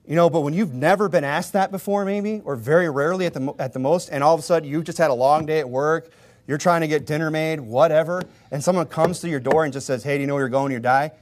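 Male pastor, slightly high voice, casual preaching style, acts out doorstep dialogue, self-deprecating humor. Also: quick pace. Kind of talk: sermon.

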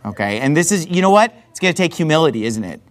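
A man's voice: on the high side, big pitch swings, quick pace. A male pastor preaching a sermon in a conversational, storytelling manner, full of frequent asides.

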